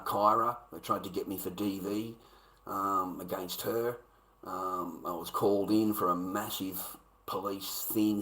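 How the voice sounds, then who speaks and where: Addressing his viewers directly, an Australian man delivers a rambling, profane monologue, going over the same points again and swinging from loud ranting to low muttering.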